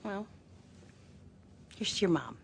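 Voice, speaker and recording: A woman's voice: medium pitch, animated, slow pace, vocal fry, breathy edge, full character voice. An actress playing a goofy, good-natured female spy, speaking in a jokey, upbeat way in film dialogue. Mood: cheery.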